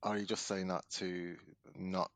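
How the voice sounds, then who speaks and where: Low-voiced male co-host, thinks out loud in long wandering questions, dry sound. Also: flat delivery, normal speed, no room sound. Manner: musing, rambling questions. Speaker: podcast co-host. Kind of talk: casual chat.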